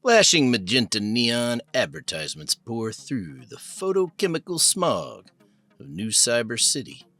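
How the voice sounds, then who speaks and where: A man narrating an audiobook in an expressive, storytelling manner. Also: mid-range voice, a little slow, no echo. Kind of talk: scripted narration.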